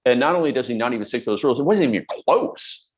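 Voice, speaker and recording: A man's voice: mid-range voice, animated, fast talker, muffled recording. A middle-aged man coaching on productivity, talking bluntly and emphatically with everyday examples. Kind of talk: direct-to-camera advice talk.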